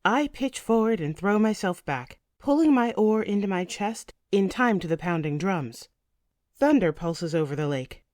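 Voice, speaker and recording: A woman's voice: mid-range voice, animated, moderate pace, darkish tone, no room sound, clean studio sound. A woman audiobook narrator reading a first-person saga in a vivid, tense storytelling manner.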